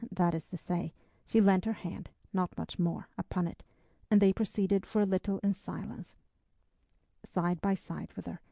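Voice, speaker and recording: Gravelly, mellow woman audiobook narrator. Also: medium pitch, no echo.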